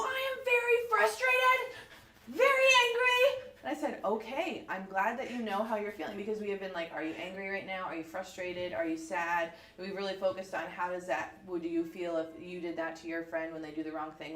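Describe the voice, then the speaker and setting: A woman in her thirties from the United States, chatting casually as a podcast co-host, telling stories in an animated way with lots of fillers. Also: fairly low pitch. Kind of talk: casual book club chat. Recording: echoey room.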